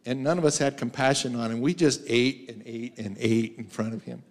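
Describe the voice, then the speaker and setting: A fairly quick man with a mid-range voice and fairly even intonation preaches as a guest in a church sanctuary. He narrates personal stories, laughs often, and mimics the voices of people he quotes.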